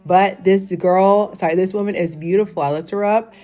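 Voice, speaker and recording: A woman's voice: mid-range voice, fairly even intonation, moderate pace, warm tone, soft background music. A woman in her thirties giving a casual, rambling review, full of "like" and frequent laughter. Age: 30s. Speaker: fashion show reviewer.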